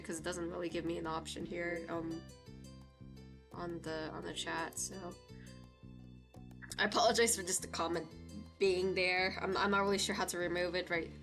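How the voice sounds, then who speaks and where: A woman's voice: fairly low pitch, creaky. A young woman streaming a dating game, chatting in a flustered, chatty way as she reacts to it and reads it aloud. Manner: chatty, flustered, quick to react and laugh at the story. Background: faint background music.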